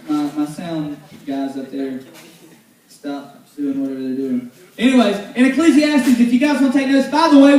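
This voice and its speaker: A man preaching a casual, joking sermon to a youth group in a church hall. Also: high voice. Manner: joking, loud and animated, teasing the sound crew. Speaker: youth pastor. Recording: echoey hall, voice far from the mic.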